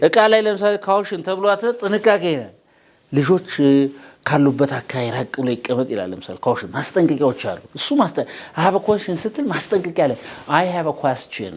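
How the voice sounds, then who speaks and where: Fast high-voiced male teacher. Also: big pitch swings. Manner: quizzing students, mixing English and Amharic. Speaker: English teacher. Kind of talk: classroom grammar lesson.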